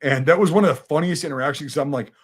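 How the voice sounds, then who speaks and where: A military veteran from Wisconsin, USA, tells a war story in casual conversation, his voice on the high side and his pace quick. He swears freely and gets animated, acting out what each person said.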